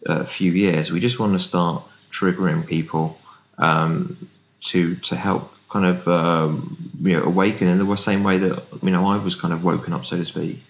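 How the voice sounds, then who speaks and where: A man with a low-pitched voice and moderate pace speaks as an interview guest; he founded a business. He chats casually, animatedly performing what others said to him, on a roomy, dull remote recording with a little hiss or hum.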